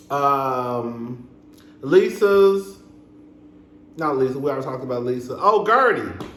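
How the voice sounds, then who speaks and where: Sassy chatty man, echoey room. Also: fairly bright tone. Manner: chatty, sassy, addresses viewers as "girl"; frequent fillers and laughs, quick high-pitched asides. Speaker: reality TV reviewer. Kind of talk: casual chat.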